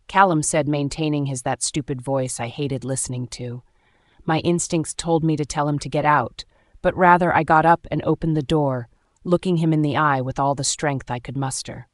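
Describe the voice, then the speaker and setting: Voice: mid-range voice, fairly even intonation, normal speed, dry recording, clean studio sound. A narrator reading a first-person romance story aloud with dramatic, emotional delivery.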